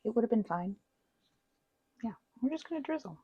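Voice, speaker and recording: A woman's voice: fairly high pitch, lively intonation, normal speed, dark tone, dull audio, slight background noise. A woman baking at home who chats while she decorates a cake. She pokes fun at herself and laughs often. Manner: chatty, self-deprecating, laughs often. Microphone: wireless microphone.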